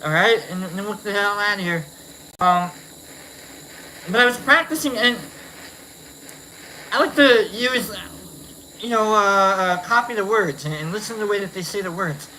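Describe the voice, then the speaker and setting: A woman's voice: mid-range voice, normal speed, long pauses, pushed and bright, slight background noise. A woman hosting a casual solo stream, rambling and playful, often repeating herself. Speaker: host.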